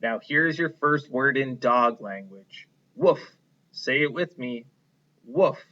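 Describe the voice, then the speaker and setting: A wise mother mouse from a picture book teaches her children in a gentle, instructive way, voiced by a man. The tone is bright and forward. The recording is dull and lo-fi. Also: mid-range voice, animated, slow. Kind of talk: storybook reading.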